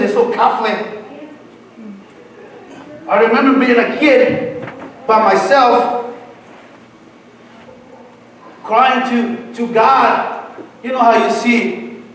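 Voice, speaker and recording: A man preaching his personal testimony in a church, halting and repeating words, with broken English grammar. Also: high-pitched, a little hiss or hum. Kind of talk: sermon testimony. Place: church hall. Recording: echoey hall from far off.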